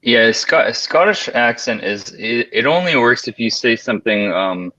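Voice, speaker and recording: A man co-hosting a podcast in casual chat, deadpan and hesitant, pausing often on fillers. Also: mid-range voice, dry recording. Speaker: podcast co-host. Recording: dull lo-fi sound.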